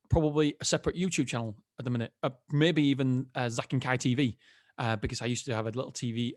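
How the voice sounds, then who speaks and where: A man's voice: mid-range voice, no room sound, studio quality. A man hosting a solo podcast, talking casually in a candid, rambling way that keeps stopping and restarting. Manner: rambling, candid, self-interrupting with frequent restarts. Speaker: podcast host.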